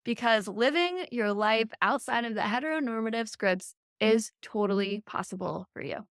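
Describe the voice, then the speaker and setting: A woman hosting a podcast as a relationship coach, chatting casually and laughing often and loudly. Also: on the high side, lively intonation, normal speed, clean tone.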